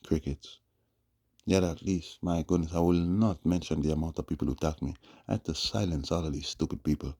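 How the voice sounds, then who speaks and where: Deep gravelly male streamer, sneering running commentary. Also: fairly even intonation, fairly quick, dark tone. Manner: mocking, with frequent "huh?" tags. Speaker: online commentator. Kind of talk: casual livestream commentary.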